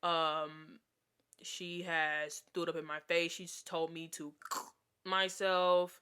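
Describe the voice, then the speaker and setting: Young woman, casual vlog storytime, chatty, exasperated, filler-heavy, bright tone. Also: fairly low pitch, little pitch movement, slow, smooth. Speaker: vlogger.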